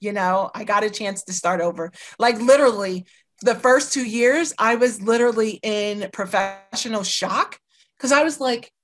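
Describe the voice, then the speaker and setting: A woman's voice: mid-range voice, moderate pace. A middle-aged woman from the United States, a lawyer guest, telling her life story candidly and emphatically, often saying "you know" and acting out what people said. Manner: emphatic, acts out quoted dialogue, peppers talk with "you know" and "right".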